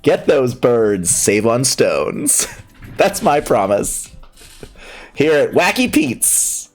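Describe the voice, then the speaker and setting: A woman voicing a cheesy male discount salesman with a hammy, drawn-out sales pitch. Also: big pitch swings, darkish tone, faint music behind, exaggerated voice.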